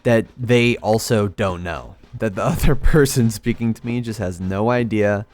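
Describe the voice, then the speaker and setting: A man's voice: on the low side, normal speed, a little mellow. A young man rambling through a story while playing a game, hesitant and self-deprecating. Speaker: gaming video creator. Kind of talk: casual storytelling over gameplay.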